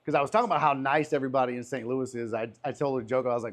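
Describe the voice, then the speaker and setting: A man's voice: mid-range voice, very fast, few pauses. A man hosting a casual podcast chat, a comedian telling profane, rambling stories on an outdoor patio. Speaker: podcast host and stand-up comedian.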